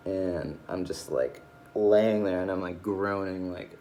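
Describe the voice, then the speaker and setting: A man's voice: low voice, takes it slowly, mellow, a little hiss or hum. A tired, drowsy man rambling through a casual personal video log, swearing often and losing his train of thought. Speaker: video diarist.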